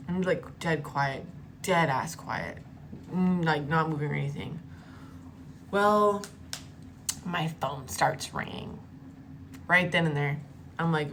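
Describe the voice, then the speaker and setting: A woman vlogger telling a personal story in a casual, animated way, cursing freely and acting out the quotes. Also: on the low side, normal speed, slight background noise. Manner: animated, profane, acts out the quotes.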